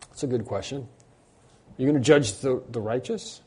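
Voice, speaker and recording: Mellow-voiced man preaching a sermon. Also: mid-range voice, normal speed, long pauses, breathy edge. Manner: reads scripture aloud, then comments with fillers and restarts. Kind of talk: sermon with scripture reading.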